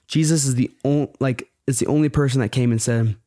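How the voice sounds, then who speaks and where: A man's voice: mid-range voice, fairly even intonation, a little fast, few pauses, dark tone, no room sound, studio quality. A man speaking as a podcast guest in earnest, fervent casual talk, often saying "bro".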